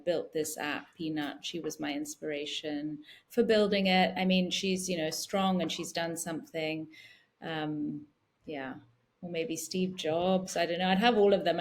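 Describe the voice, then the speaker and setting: A woman in her forties talks as an interview guest, slow to find her words and full of "you know". Her voice sits a little low for a woman. She sounds thoughtful and soft-spoken. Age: 40s. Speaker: guest, founder. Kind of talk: casual interview talk.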